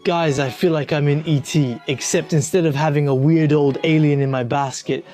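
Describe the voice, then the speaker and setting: A young man narrates his food challenge vlog, tired and stuffed, making fun of himself with dramatic complaints. His voice sits a little high for a man. Clear music runs behind him the whole time. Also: fairly even intonation, normal speed, warm tone. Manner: joking, self-mocking, dramatic complaints. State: tired, overfull. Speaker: vlogger.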